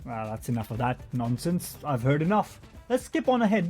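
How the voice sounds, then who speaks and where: A man's voice: medium pitch, big pitch swings, normal speed, hardly any pauses, darkish tone, faint music behind. A man giving a profane, mocking commentary rant over interview clips. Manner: mocking, profane, does sarcastic impressions. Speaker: YouTube commentator.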